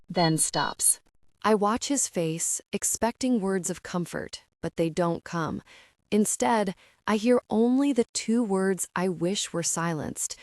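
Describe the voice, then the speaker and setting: A woman's voice: medium pitch, no echo. A woman reading a romance audiobook in the first person, with an intimate, emotional telling. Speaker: audiobook narrator.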